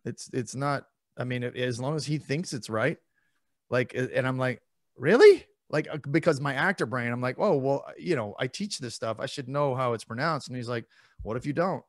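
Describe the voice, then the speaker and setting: This is a man, chatting as an interview guest. He is self-deprecating and jokes easily, often restarting his sentences. His voice sits in a middle pitch and sounds dry and close. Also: a little fast, fairly bright tone, no room sound. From East Texas. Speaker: actor, guest. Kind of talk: casual interview.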